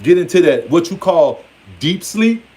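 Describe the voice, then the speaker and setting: A man's voice: a little high, sing-song, measured pace, a little mellow. A man giving a casual, blunt, playfully scolding monologue on spirituality. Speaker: spiritual speaker.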